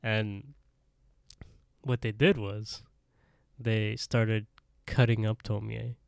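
A man co-hosting a podcast, casually recapping an anime episode in an animated, laughing way. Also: fairly low pitch, slow pace, gravelly, dry recording, clean studio sound. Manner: animated storytelling, laughs often. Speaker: podcast co-host.

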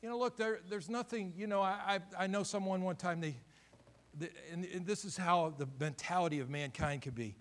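A man's voice: high-pitched, a little fast, a bit bright. A middle-aged man preaching a sermon as pastor, building to fervent emphasis.

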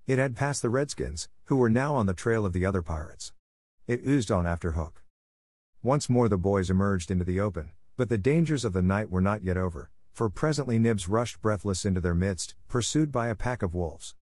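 A man narrating a storybook audiobook with a measured, expressive reading on a close mic. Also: on the low side, no echo.

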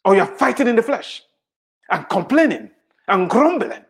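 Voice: medium pitch, wildly swooping pitch, normal speed. A preacher delivering a sermon emphatically, repeating phrases for weight and putting rhetorical questions to the listeners.

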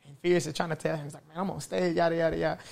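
A man telling a story in casual chat, animated and slangy, often laughing as he goes. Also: fairly high pitch, racing, gravelly.

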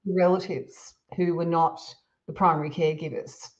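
A woman, a parenting expert guest, giving calm, measured advice in a podcast conversation. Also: lowish voice, highs cut off. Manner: calm, measured, explains with examples.

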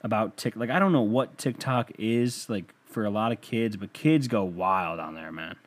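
A man's voice: lowish voice, moderate pace. A young man hosting a podcast in a rambling, profane, self-mocking casual monologue. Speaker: podcast host.

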